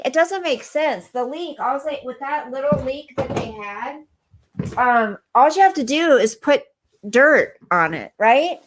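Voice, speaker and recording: Slow-talking, chatty middle-aged woman. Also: on the high side, a bit bright. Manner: chatty and easily sidetracked, laughing often. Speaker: livestream host reading chat comments. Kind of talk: casual livestream chat.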